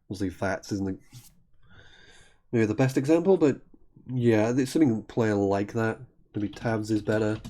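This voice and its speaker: Low, mellow-voiced man commentating. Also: normal speed, long pauses. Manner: thinking aloud, frequent self-corrections. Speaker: Scrabble commentator. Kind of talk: live game commentary.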